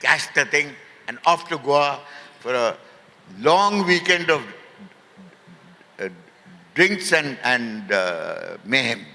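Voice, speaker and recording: Male raconteur, bright tense tone, booming hall reverb, brief for storyteller. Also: takes it slowly, pauses often. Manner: lively raconteur, acts out quoted voices, frequent fillers. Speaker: festival guest, ad filmmaker. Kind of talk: anecdotal storytelling on stage. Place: literary festival hall stage.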